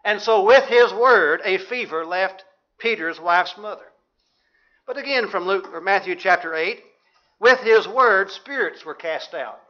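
A man's voice: sits high, unhurried. A man preaching a sermon, reading scripture aloud in old-fashioned wording and asking his listeners questions. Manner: reads scripture in King James wording, asks the listeners questions. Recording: dull lo-fi recording.

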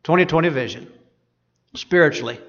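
A man's voice: a little high, brisk, fairly bright tone. A man preaching a sermon, reading scripture aloud and asking his listeners rhetorical questions. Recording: dull lo-fi sound.

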